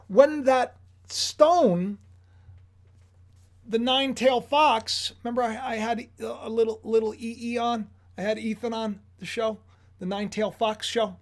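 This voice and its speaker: A man hosting a prophecy livestream, talking in an animated, rambling way and jumping between topics with frequent restarts. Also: high-pitched. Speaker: prophecy channel host.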